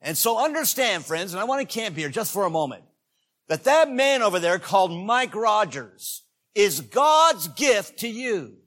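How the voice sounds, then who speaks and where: A man preaching a sermon as a visiting evangelist, folksy and joking, swinging between loud peaks and hushed asides. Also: high voice, big pitch swings, unhurried.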